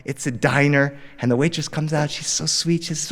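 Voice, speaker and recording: A man telling a family story live in a studio, animated and dramatic. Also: a little high, a little fast, hardly any pauses, in a large hall. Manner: animated, dramatic, jumps into character voices. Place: recording studio.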